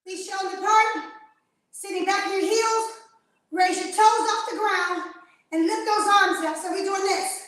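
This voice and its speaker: A woman's voice: very high-pitched, a little slow, fairly bright tone, reverberant. A woman fitness trainer, out of breath, energetically coaching a live workout, counting reps and calling out commands.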